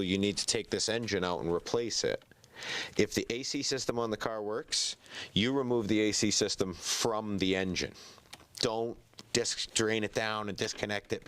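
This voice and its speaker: Congested man chatting through car repairs. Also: lowish voice. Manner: relaxed, chatty, mildly sarcastic, with fillers. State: congested, breathing through the mouth. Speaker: home mechanic. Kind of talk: casual how-to narration while working. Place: garage, working on a car engine. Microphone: good-quality mic picking up breathing.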